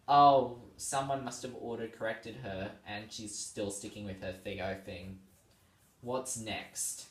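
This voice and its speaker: A man's voice: lowish voice, animated, takes it slowly. A tired man hosting a vlog, reading tweets aloud in casual chat and laughing often between them. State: tired and yawning. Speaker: vlog host. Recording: roomy sound, distant from the mic.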